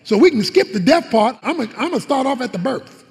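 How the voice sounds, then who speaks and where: A man's voice: extremely high pitch, lively intonation, fast talker, darkish tone, in a large hall. A man preaching a sermon as a pastor, retelling scenes dramatically with colloquial asides.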